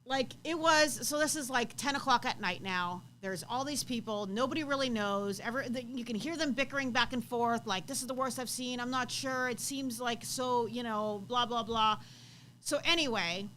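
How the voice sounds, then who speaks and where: A woman's voice: fairly high pitch, normal speed, a bit bright, a little hiss or hum, rough recording. A woman co-hosting a live show, earnestly telling her side of a story and backing up her co-host. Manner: earnest, adds details and backs up the co-host.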